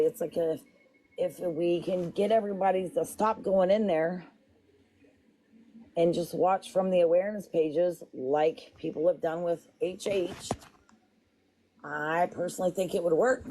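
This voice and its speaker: A woman's voice: on the low side, measured pace, mellow. Rambling woman livestreaming. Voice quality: rambling, fond of "it's like". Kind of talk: casual livestream chat. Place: home kitchen.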